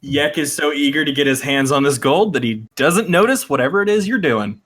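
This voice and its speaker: A man narrating as game master of a tabletop game, laughing often and filling pauses with uh and like. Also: on the high side, fairly bright tone.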